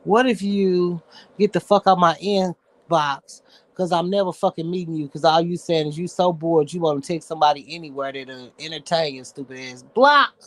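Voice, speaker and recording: A high-pitched man holds forth in a sassy, foul-mouthed livestream rant as host of his own show. His delivery is blunt and unfiltered. The sound is dry and close, with no room around it. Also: steady tone, moderate pace, no echo. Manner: blunt, profane, sassy ranting.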